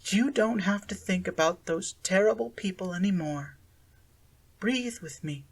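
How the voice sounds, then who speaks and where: A narrator voicing a falsely sweet American woman who holds a kidnapped girl, talking gently in a cheerful sing-song. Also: mid-range voice, big pitch swings, moderate pace, breathy edge, pitched above the performer's own voice. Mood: hushed soothing.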